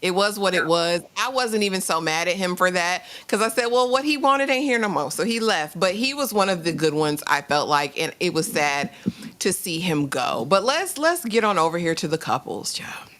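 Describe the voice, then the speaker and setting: Female live-stream co-host, bright tone, animated slangy delivery. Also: on the low side, normal speed. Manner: animated, exclamatory, drawling slang. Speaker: podcast co-host. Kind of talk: casual live-stream chat.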